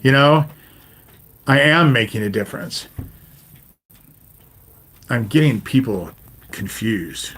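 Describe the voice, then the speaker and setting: A man's voice: medium pitch, lively intonation, slow pace, long pauses, a bit bright, slightly rough. A man in his fifties ranting on his own livestream, swearing heavily, talking straight at viewers and ending lines with "you know?". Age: 50s. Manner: swears constantly, addresses viewers directly, repeats "you know?". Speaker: livestream host. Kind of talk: profane livestream rant to chat.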